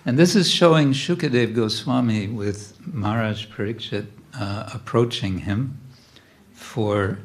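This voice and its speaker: A man giving a devotional class about religious paintings, speaking in a halting, gently humorous way with many fillers. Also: medium pitch.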